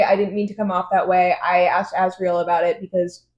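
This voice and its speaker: A woman's voice: lowish voice, darkish tone, reverberant. Giggly woman recapping a book. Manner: giggly, swearing, retelling scenes in quick voices. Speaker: podcast co-host. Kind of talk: casual book chat recap.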